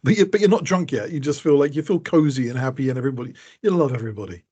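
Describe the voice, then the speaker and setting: A man's voice: medium pitch, very fast, a little mellow, husky, dull audio. A man co-hosting a casual podcast who rambles, mocks himself and laughs mid-sentence. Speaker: podcast co-host. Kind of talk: casual chat.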